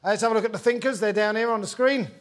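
A man hosting a comedy football quiz in front of a live audience, with quick, jokey patter. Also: high-pitched. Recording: live audience laughing behind. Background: audience laughter.

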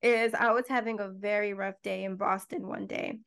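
A woman co-hosting a podcast, chatting casually and telling personal stories in an open, expressive way. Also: mid-range voice, normal speed, vocal fry. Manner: expressive storyteller, warm and open. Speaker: podcast co-host.

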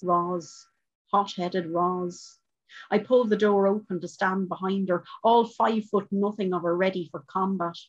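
A woman reading her short story aloud at a book launch, in a measured, wry manner, on a dull, muffled recording. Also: mid-range voice, steady tone, slightly rough. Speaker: author reading.

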